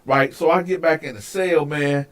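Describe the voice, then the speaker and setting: A man hosting a show, telling a personal story casually, animated and profane, acting out scenes with loud outbursts. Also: on the high side, moderate pace. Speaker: host.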